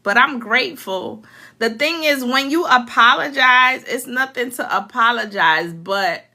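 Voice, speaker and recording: A woman's voice: a little high, expressive, unhurried, pushed and bright. A woman in her forties, a life coach, talking earnestly and emotionally to viewers and vividly acting out past scenes. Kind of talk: casual heartfelt talk to viewers.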